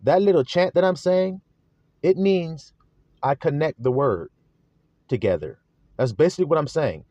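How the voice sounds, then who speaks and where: Male preacher, sermon teaching, repetitive and questioning, animated pitch, dry close recording. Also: moderate pace, long pauses, dry recording, muffled recording. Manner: repetitive chanting emphasis, rhetorical questions to the flock.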